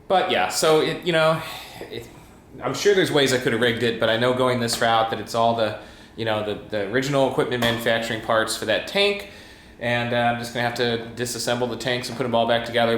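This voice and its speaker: A man's voice: mid-range voice, fairly bright tone, a little hiss or hum. A young man vlogging at home, chatting in a rambling way with self-mocking asides. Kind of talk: casual home vlog. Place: inside a home.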